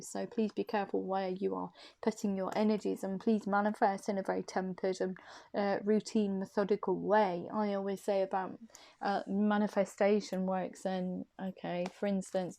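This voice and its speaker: Woman with an English accent, casual tarot reading, relaxed mellow tone, rambling chatty delivery. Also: medium pitch, gravelly. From Warwickshire, England. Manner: chatty and rambling, laughs often. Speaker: tarot reader. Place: her own reading room at home.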